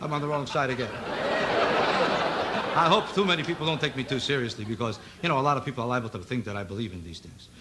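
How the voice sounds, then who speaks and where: A man doing a stand-up routine on a TV variety show, needling an audience member with quick rhetorical questions. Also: mid-range voice. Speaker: stand-up comedian. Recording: loud noise on an old TV broadcast recording.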